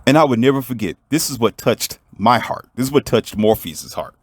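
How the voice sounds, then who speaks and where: Man vlogger, mid pitch, emphatic preachy storyteller, dry sound. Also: animated, brisk, no echo. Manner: emphatic, preachy, talks straight to the viewer. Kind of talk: motivational storytelling monologue.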